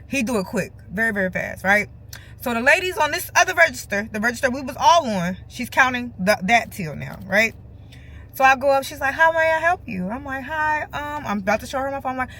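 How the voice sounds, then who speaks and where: A woman with telling a casual storytime vlog from her car, acting out other people's lines in an animated way. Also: a little high, slight background noise. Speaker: vlogger. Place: parked car.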